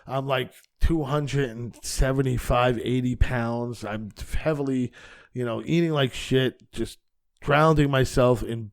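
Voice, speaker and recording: A middle-aged man talking as a guest on a podcast. He tells his stories casually, acting out the lines of each person in them at an ordinary pitch. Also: fairly even intonation, a little slow. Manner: storyteller acting out dialogue. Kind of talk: casual chat.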